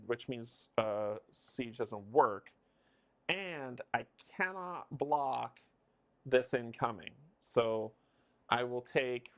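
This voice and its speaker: A man's voice: mid-range voice, vocal fry. Man thinking aloud over a board game. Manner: muses and counts moves under his breath. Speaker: live streamer playing a board game. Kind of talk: casual live-stream thinking aloud.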